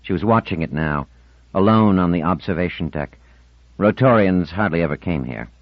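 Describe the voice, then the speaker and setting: A man narrating an audiobook in expressive storytelling fashion, close to the mic. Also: deep voice, moderate pace, no echo. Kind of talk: scripted narration. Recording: dull lo-fi audiobook recording.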